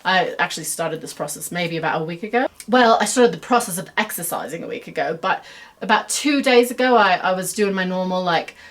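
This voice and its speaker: A woman's voice: on the low side, lively intonation, a little fast. A middle-aged American woman hosting her own web series in a put-on Australian accent, rambling chattily through a stream-of-consciousness monologue full of fillers and self-deprecating asides. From United States.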